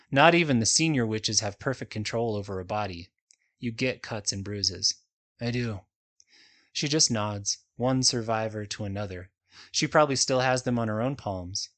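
Brief: male audiobook reader, mid-pitched voice, measured first-person fantasy narration. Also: a bit bright. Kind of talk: first-person fiction reading.

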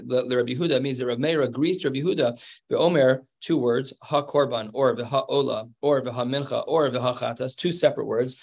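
A man with a gravelly voice teaches a Talmud lesson. He explains in a conversational way, pausing with fillers and restarting his sentences as he works through each point. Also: medium pitch.

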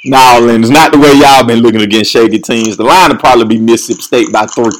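A man's voice: mid-range voice, fast, a little hiss or hum, low-quality recording. A man hosting casual sports banter, teasing his friends and quizzing them on their picks. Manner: teasing, questioning. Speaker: host running the picks.

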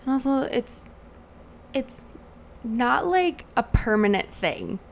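A woman's voice: fairly high pitch, very animated, takes it slowly, creaky, slight background noise. A young adult woman co-hosting a podcast, telling a rambling story full of "like". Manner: chatty storyteller, lots of "like". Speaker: podcast co-host. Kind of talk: casual chat.

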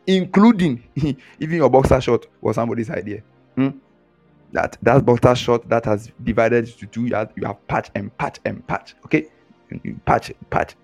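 A man delivers a lively sermon. He mimics boastful talk and chuckles at it, over faint music. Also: medium pitch. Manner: animated, mocking mimicry, frequent chuckles. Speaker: preacher.

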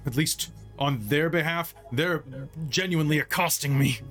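A man voicing a captured male poison seller who loudly protests his innocence. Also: a little high, normal speed, soft background music, natural voice. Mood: indignant. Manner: protesting, indignant. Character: sly male captive, poison seller crying foul.

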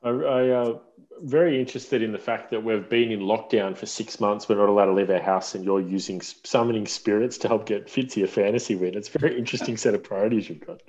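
A man hosting a podcast in casual chat, talking in a relaxed, rambling way with fillers. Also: on the low side, fast. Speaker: podcast host. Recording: dull lo-fi sound.

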